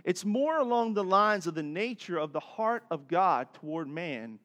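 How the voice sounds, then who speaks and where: A middle-aged man preaching a sermon as pastor, telling stories with animated swings from soft to loud. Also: high-pitched, moderate pace.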